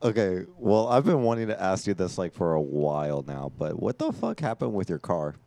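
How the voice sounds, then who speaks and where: A man's voice: sits low, big pitch swings, moderate pace, gravelly, dark tone. A young man co-hosting a casual chat, asking questions and teasing dryly. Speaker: co-host.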